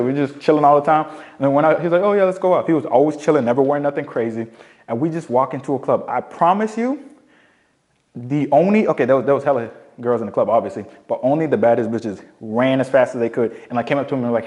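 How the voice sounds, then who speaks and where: A young man coaching on dating, telling casual stories in a slangy, profane, animated way. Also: medium pitch, fast, muffled recording. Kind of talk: casual storytelling monologue.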